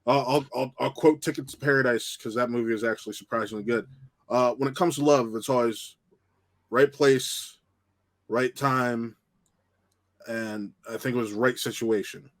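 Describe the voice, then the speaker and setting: A man's voice: medium pitch, fairly even intonation, normal speed. A man who works as a TV and film critic, thinking aloud in a casual review conversation.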